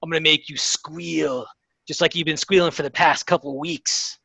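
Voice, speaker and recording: A man's voice: a little high, steady tone, normal speed, gravelly, bright, forceful tone, no echo, heavily acted. A man voicing a cocky male pit fighter who taunts his opponent. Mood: taunting.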